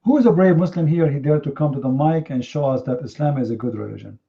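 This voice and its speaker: Mocking, high-voiced male debate host. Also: expressive, fast, vocal fry. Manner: confrontational, mocking, rhetorical questions; non-native English grammar. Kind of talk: heated live online debate. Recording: slightly muffled online stream audio.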